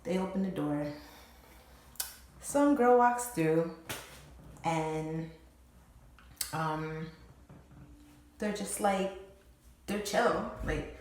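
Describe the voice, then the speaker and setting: A woman's voice: fairly low pitch, slow pace, pauses often. A young woman telling a storytime vlog story in casual slang, swearing freely and packing her talk with "like". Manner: slangy, profane, animated retelling with lots of "like". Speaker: storytime vlogger. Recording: very echoey room, faint noise.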